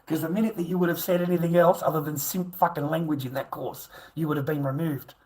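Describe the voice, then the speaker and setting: A man's voice: fairly high pitch, fairly even intonation, fast, darkish tone, rough recording. A middle-aged man ranting crudely on a livestream, swearing constantly and taunting viewers. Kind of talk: profane livestream rant.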